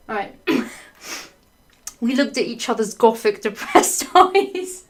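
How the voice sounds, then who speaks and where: A woman giving a comedic read-through of a story, stopping for sarcastic, sweary comments and bursts of laughter. Her voice sits a bit high, and she takes her time, drawing words out slowly. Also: animated. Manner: clears her throat often. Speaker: fanfiction reader. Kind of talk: comedic dramatic reading.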